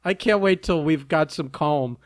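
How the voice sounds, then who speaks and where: A man's voice: on the high side, moderate pace, a crowd in the background. Teasing man co-hosting a podcast. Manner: teasing, eager, laughs often. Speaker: podcast co-host. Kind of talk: casual chat.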